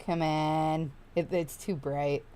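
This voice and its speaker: A woman streamer chatting casually with her viewers while she crochets, chatty, excitable and freely swearing. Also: deep voice, takes it slowly, clean tone.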